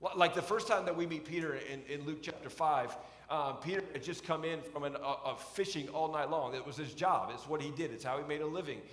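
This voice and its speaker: A man's voice: a little high, brisk, fairly bright tone. Male preacher in an echoey sanctuary. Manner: conversational storytelling with frequent restarts. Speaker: pastor. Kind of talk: sermon. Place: church sanctuary. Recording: echoey church sanctuary with long reverb.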